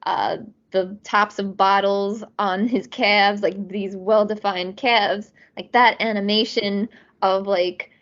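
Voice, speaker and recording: A woman's voice: medium pitch, steady tone, slow pace. A woman guest chatting casually on a podcast, rambling with lots of fillers and frequent laughs. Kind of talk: casual chat. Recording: dull lo-fi audio.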